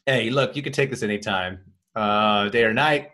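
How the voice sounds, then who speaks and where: A man's voice: on the low side, moderate pace, pushed and bright. A man co-hosting a casual podcast, joking around and reading ad copy loosely with fillers. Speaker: podcast co-host.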